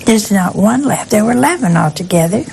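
A woman's voice: mid-range voice, expressive, brisk, gravelly, a little mellow, slight background noise, rough recording. An older woman, a nun, giving a conversational sermon that is folksy and humorous, often asking her listeners questions. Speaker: nun giving a spiritual talk.

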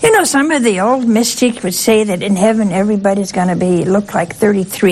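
A woman's voice: mid-range voice, expressive, normal speed, darkish tone, breathy edge, rough recording. An older woman, a nun, giving a conversational sermon that is folksy and humorous, often asking her listeners questions. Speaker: nun giving a spiritual talk.

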